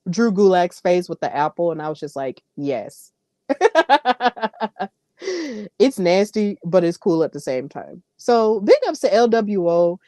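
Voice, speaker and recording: Woman, podcast host, casual opinionated commentary, warm mellow voice, dry close sound. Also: mid-range voice, dry recording. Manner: animated, opinionated, talks straight to listeners.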